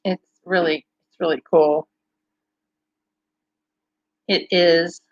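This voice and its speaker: A woman's voice: on the low side, fairly even intonation, takes it slowly, no echo, muffled recording. A woman hosting a livestream, chatting casually and cheerfully with viewers and laughing often. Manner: bubbly, laughs often, chats with live comments. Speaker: livestream host.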